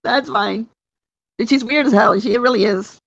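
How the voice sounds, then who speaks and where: A woman's voice: fairly high pitch, measured pace, vocal fry, dry recording. A woman hosting a livestream who agrees and chimes in with short jabs while reading viewer comments. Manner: agreeing, egging on, short replies. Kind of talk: casual livestream chat. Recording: dull, slightly lo-fi audio.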